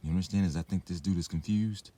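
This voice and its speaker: A man's voice: sits low, quick pace, dark tone. A young man in a rambling, profane vlog monologue, drinking and smoking as he talks, full of fillers and detours. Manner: meandering, profane, filler-heavy. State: drinking and smoking while talking. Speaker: vlogger.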